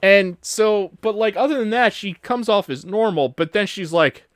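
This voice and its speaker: A man's voice: high voice, normal speed, no room sound, clean studio sound. A man hosting a podcast, rambling through a casual retelling full of fillers, restarts and offhand swearing. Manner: casual and profane. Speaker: podcast host. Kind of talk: casual chat.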